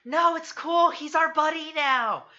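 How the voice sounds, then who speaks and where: A player voicing a cheerful, overly friendly adventurer character in a much higher voice. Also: measured pace, bright, forceful tone, highs cut off, full character voice. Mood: chipper.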